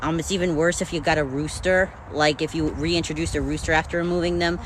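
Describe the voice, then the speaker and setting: A woman's voice: low-pitched, fairly even intonation, a little fast, rough recording. A woman chatting casually to the camera as a farm vlogger, full of fillers while she does her chores outdoors. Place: outdoors at a chicken coop. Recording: outdoor noise behind the voice.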